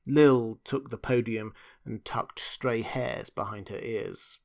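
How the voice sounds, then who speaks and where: A man's voice: mid-range voice, takes it slowly, vocal fry. A man reading a novel aloud in first person as an audiobook narrator. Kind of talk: scripted narration.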